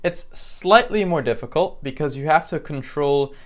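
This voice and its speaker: A man's voice: a little high, moderate pace. Casual male piano teacher. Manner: relaxed, conversational with frequent fillers. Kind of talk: instructional tutorial. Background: piano playing between phrases.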